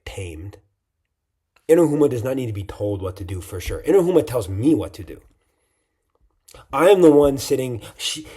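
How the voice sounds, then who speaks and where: A man's voice: mid-range voice, warm tone, slightly rough. A tired man giving a casual, reflective vlog monologue late at night, rambling with frequent "like"s and restarts. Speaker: vlogger.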